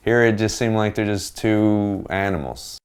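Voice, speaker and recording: A man chatting casually as a panelist, wry and analytical, sometimes dropping into quick mock voices. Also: lowish voice, very noisy. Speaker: reaction panelist. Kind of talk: casual chat.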